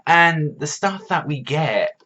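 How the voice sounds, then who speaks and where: A man's voice: a little high, lively intonation, takes it slowly, pushed and bright. A man giving a casual, rambling review, swearing heavily and leaning on filler words. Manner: profane, rambling, heavy use of filler words. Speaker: manga reviewer. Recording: dull lo-fi recording.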